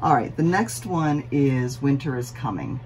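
Low-voiced chatty woman vlogger. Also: animated, a little slow, a little mellow, slight background noise. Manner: rambling, self-deprecating, chatty with fillers. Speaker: cross stitch vlogger. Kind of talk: casual chatty vlog.

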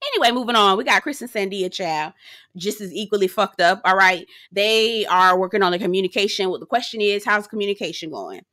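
A woman's voice: medium pitch, lively intonation, fairly quick, sharp tone, no room sound, clean studio sound. A young adult woman giving a sassy, blunt, profane recap of a reality show, talking straight to her viewers. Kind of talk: casual recap commentary.

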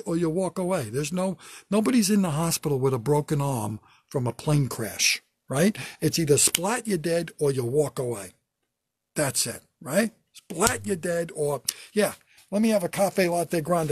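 Husky-voiced older comedian doing stand-up from his basement. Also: a little high, no room sound, studio quality. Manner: wry, self-deprecating, with loud bursts for bits. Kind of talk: stand-up routine from home. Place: home basement.

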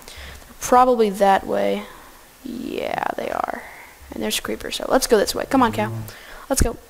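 A woman giving goofy, excitable casual gameplay commentary, talking to the animals in her game. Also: medium pitch, moderate pace, vocal fry.

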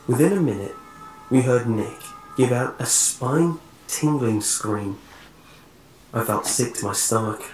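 A man narrating a scripted horror story in a slow, measured way. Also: mid-range voice, expressive, a little mellow, soft background music. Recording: roomy echo, faint hiss.

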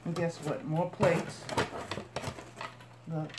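A woman's voice: low voice, steady tone, drawn-out words. A woman vlogger chatting to her viewers as she unpacks boxes and shows each item. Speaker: couponing vlogger. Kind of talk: casual unboxing narration. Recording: echoey room with noise.

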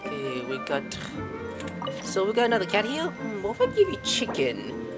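A man's voice: high-pitched, wildly swooping pitch, normal speed, over loud music. A man giving casual, playful gameplay commentary while chatting to the cats in the game. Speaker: gameplay video host.

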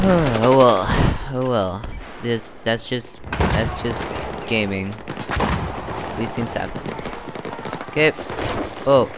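A man's voice: medium pitch, lively intonation, slow pace, long pauses, very noisy. A young man from Australia chatting his way through gameplay commentary, narrating his own moves as he plays. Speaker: gaming channel host. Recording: loud game gunfire behind voice.

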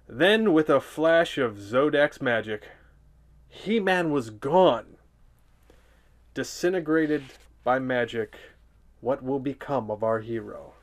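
A man's voice: mid-range voice, animated, slow pace, long pauses. A man reading a children's storybook aloud for comedy, with sarcastic, playful asides.

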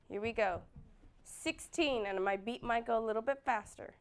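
A woman leading a children's dance class, praising warmly and counting beats aloud, at times loud and at times hushed. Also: fairly high pitch, moderate pace, clear, resonant tone.

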